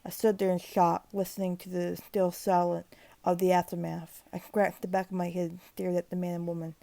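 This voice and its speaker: Gravelly-voiced woman reading a horror story. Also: fairly low pitch, a little fast, no echo. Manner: steady, grim read-aloud with occasional restarts. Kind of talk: creepypasta reading.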